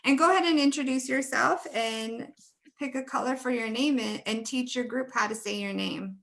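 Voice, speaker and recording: Bright-voiced woman teaching pronunciation. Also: fairly high pitch, vocal fry. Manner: slow, careful modeling of words. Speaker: teacher trainer. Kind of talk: webinar teaching.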